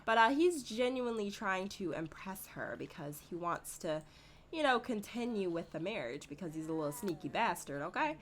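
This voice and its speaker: Woman host, casual gameplay commentary, mid-pitched voice, chatty and giggly, speaks to viewers directly. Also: big pitch swings, normal speed.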